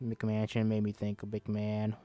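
A man's voice: lowish voice, monotone, moderate pace, dark tone, soft background music. A man hosting a comedy podcast, reading a screenplay aloud and breaking off into irreverent, swearing asides. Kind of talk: comedic script read-through.

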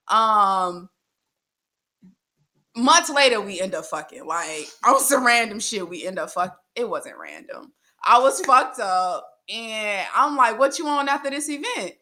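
A young woman telling a crude, animated story in casual chat, laughing often. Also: mid-range voice, slow.

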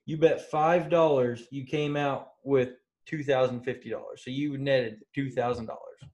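A man's voice: mid-range voice, steady tone, normal speed, a little mellow, dull audio. A man co-hosting a podcast, chatting in an easygoing way with fillers. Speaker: podcast co-host. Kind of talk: casual sports podcast chat.

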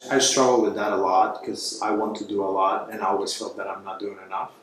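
A man's voice: fairly low pitch, steady tone, fast talker, fairly bright tone. A man, a filmmaker who hosts the podcast, asking questions candidly and admitting his own struggles. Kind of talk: reflective podcast conversation. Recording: echoey room with faint noise.

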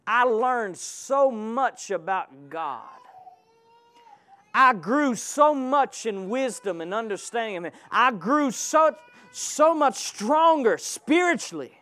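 Male preacher, very high voice, impassioned sermon delivery with call-outs to the congregation. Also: pushed and bright, clean tone.

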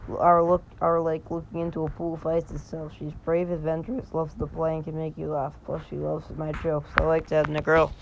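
A lovestruck young male pup from a storybook, gushing about his crush, as a man reads him with little change from his own voice. The tone is slightly high and gravelly, with a faint hiss behind it. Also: completely flat delivery, brisk, few pauses, muffled recording. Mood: dreamy.

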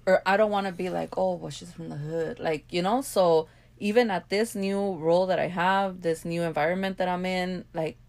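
A woman's voice: fairly low pitch, fairly even intonation, moderate pace, vocal fry, darkish tone. A woman in her thirties from South Central Los Angeles, with a Los Angeles accent, telling stories candidly as a podcast co-host, swearing freely and laughing often. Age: 30s. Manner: candid storytelling, frequent profanity and laughter. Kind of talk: casual podcast chat.

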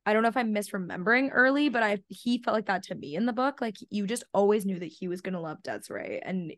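A young woman talks fondly on a book podcast, gushing and affectionate. Her voice is mid-pitched, and the sound is dry with no room echo. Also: fast talker. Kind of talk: casual book-podcast chat.

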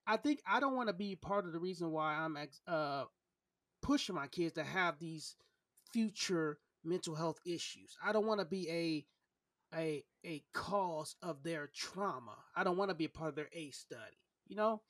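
A man's voice: a little high, lively intonation, normal speed, fairly bright tone, no echo, studio quality. A man hosting a casual podcast conversation, earnest and open, often repeating words as he searches for his thoughts. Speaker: podcast host.

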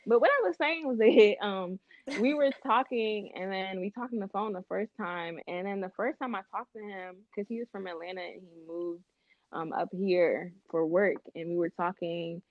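A woman's voice: normal speed, no echo. Young woman storytelling on a podcast, dull dry lo-fi sound, lots of um and like. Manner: animated storyteller, acts out quotes with big pitch jumps. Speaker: podcast co-host. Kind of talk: casual chat, storytelling.

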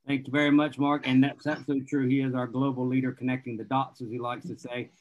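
A man's voice: mid-range voice, little pitch movement, fast talker. A man casually hosting an online networking event, handing over to speakers and joking about being bad with names. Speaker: host. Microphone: video call. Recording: dull lo-fi video call audio.

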